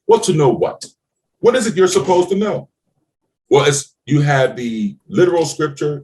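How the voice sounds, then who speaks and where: Middle-aged male mentor, podcast chat, blunt and profane, very lively pitch. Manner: blunt, swearing, preachy, emphatic. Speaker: business mentor. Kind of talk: motivational podcast talk.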